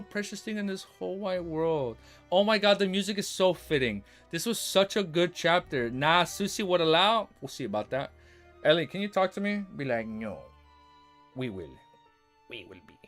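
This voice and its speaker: Playful young man streaming, faint music. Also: fairly high pitch. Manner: animated, playful, teasing with chat. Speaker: livestreamer. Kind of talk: casual livestream, reading a novel aloud and chatting.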